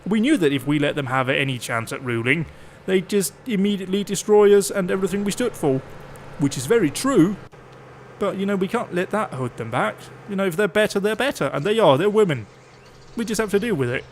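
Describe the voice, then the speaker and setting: A man rambles through a gameplay session in loose, joking chat, swearing now and then. His voice sits a little higher than most men's, and there's a faint hiss of noise under it. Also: lively intonation. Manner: chatty, jokey, swears freely, puts on quick mock voices. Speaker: gameplay streamer. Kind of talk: casual rambling chat while playing.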